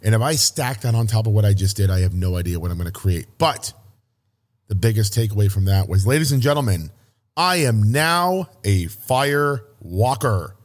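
A man hosting a podcast, talking in an energetic, motivational way with punchy repetition and a hoarse, strained voice. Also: lowish voice, quick pace. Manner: pumped-up, emphatic, punchy repetition. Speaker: podcast host.

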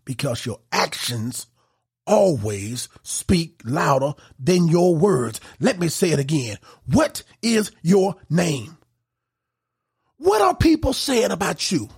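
A man preaching a sermon in an emphatic style, rising to shouts on key points. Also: on the high side, sing-song, takes it slowly, creaky, husky.

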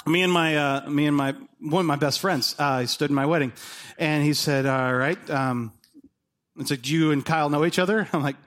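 Animated high-voiced male pastor. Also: brisk. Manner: animated storytelling, acts out dialogue. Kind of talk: sermon with personal stories.

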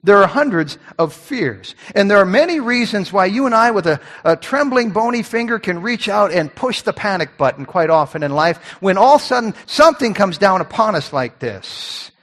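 A man preaching a sermon as a pastor, animated, repeating words and acting out voices. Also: sits high, normal speed, hardly any pauses, long reverb tail.

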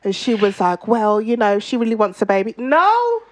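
A woman, co-hosting a podcast, telling a story in lively, animated casual chat. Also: a little high, normal speed. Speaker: podcast co-host.

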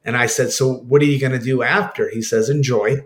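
A man at a middle pitch, a former hockey player, recalling an old teammate in a radio interview. He stalls and repeats himself, then acts out old conversations in quick bits of dialogue. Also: fairly even intonation. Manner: halting, repeats words, acts out quoted exchanges. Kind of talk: reminiscing in an interview.

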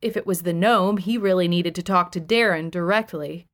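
A woman's voice: lowish voice, normal speed, a bit bright. A woman reading a first-person audiobook in a wry, conversational storytelling voice. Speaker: audiobook narrator.

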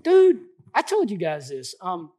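A man in his late forties preaching a sermon, lively and colloquial, often repeating emphatic phrases. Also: high voice, a little slow. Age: 40s. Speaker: pastor.

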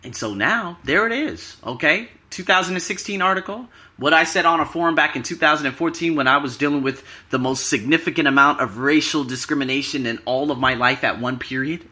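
A man's voice: fairly high pitch, a little fast, hardly any pauses, bright, forceful tone. A man in a casual vlog monologue, talking emphatically and straight to his viewers. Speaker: YouTuber and podcaster.

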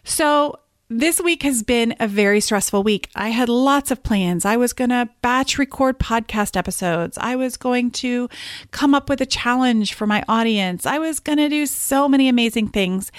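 A woman in her thirties hosting a solo podcast. She tells stories in an animated way and often laughs. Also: on the high side, no echo, clean studio sound. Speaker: podcast host and business coach. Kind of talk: casual solo podcast talk.

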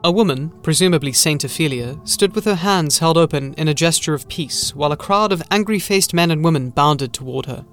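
A man narrating a gothic horror story in a measured, scripted audiobook style. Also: fairly high pitch, a bit bright, faint music behind.

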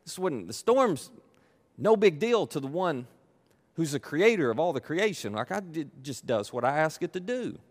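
A preacher voicing a calm chiding teacher. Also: male voice, on the high side, normal speed. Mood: gently chiding.

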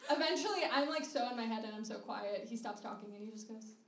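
On stage at a live show venue, a young woman tells a funny personal story fast in a fairly high voice, chatting away with lots of "like" and laughing throughout. The recording is roomy and noisy, with a distant mic.

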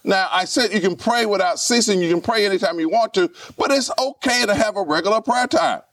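A man's voice: sits high, fairly quick, fairly bright tone, no room sound, far from the mic. A man, preaching a live sermon as pastor in a church, who repeats his points and puts rhetorical questions to the congregation.

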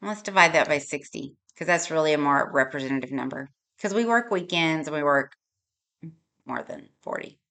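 A woman's voice: sits low, animated, moderate pace, a bit bright. A woman hosting a podcast, talking earnestly and with feeling, working through numbers aloud and at times tearing up. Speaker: podcast host. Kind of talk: heartfelt podcast monologue.

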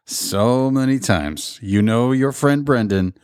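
A man's voice: medium pitch, takes it slowly, a little mellow, clean tone, dry recording, studio quality. A man hosting a podcast in casual chat, who laughs easily and gives brief agreeing replies. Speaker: podcast host.

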